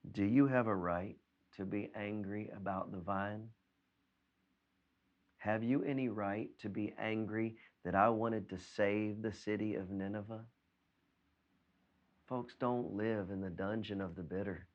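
Earnest pastor preaching, low voice, lo-fi. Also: male voice, fairly even intonation, measured pace, long pauses. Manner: earnest, repeats words when stressing a point. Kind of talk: sermon. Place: preached by video from home during quarantine.

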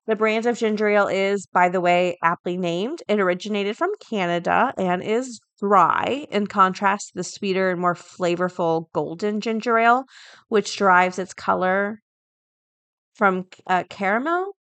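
Chatty lady host reading an old news story, thinks out loud, dead dry room. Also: mid-range voice, normal speed, clear, resonant tone, no echo. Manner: chatty, thinks aloud with fillers. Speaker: podcast host. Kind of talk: casual chat, reading an article aloud.

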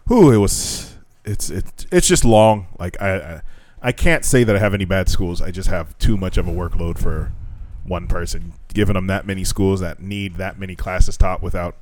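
A man's voice: low-pitched, normal speed, a little mellow. A man co-hosting a podcast, telling stories about teaching in loose, profane, casual chat and laughing often. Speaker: podcast co-host, foreign English teacher at schools.

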